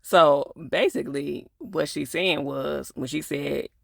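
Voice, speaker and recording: A TV episode reviewer casually retells an episode in a loose, conversational way, packed with chatty filler asides. His voice is fairly high and a bit bright with vocal fry, and he speaks slowly. The recording is studio quality with no echo.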